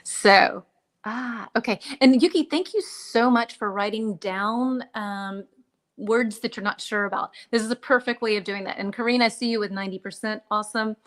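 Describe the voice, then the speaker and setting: A woman teaching English on a live stream from home, chatty and a little hoarse, often clearing her throat and apologizing. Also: fairly high pitch, moderate pace. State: slightly hoarse, drinking mint tea for her voice. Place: home, dishes washing behind her.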